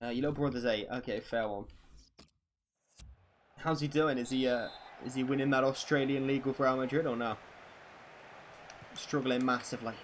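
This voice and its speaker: A man streaming a football video game, calling the play like a commentator and chatting with viewers, excitable and prone to swearing and bursts of shouting. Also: medium pitch, moderate pace, pauses often, slight background noise.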